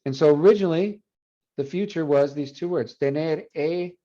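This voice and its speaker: Mellow-voiced man lecturing, dull recording. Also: on the high side, moderate pace. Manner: animated, switches between English and Spanish, repeats words aloud as demonstration. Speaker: Spanish professor. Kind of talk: university lecture.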